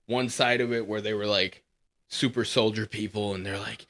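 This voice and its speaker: Man, bright voice, casual profane chat, animated storyteller, acts out quotes. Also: fairly low pitch, moderate pace. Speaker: podcast host. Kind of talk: casual bar-room chat.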